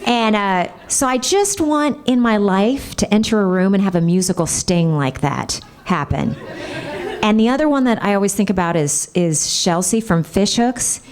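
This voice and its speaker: A voice actress chatting bubbly and gushing with fans at a convention panel. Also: female voice, medium pitch, expressive, moderate pace, a little mellow.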